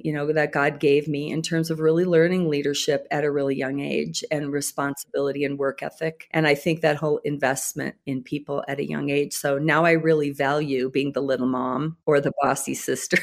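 Older woman, low-pitched, podcast guest, upbeat, self-deprecating. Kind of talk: conversational interview.

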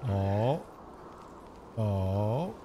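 A man's voice: lowish voice, expressive, extremely slow, background noise. A man casually commenting on a video game as he plays, chatty and sarcastic, swearing freely. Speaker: let's play host. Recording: game music under the voice.

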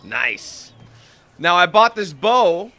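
A man doing casual let's play commentary on a video game. He swears freely and breaks into frustrated shouting. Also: high voice, big pitch swings, slow. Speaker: gaming channel host. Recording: game music playing underneath. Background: video game music and sounds.

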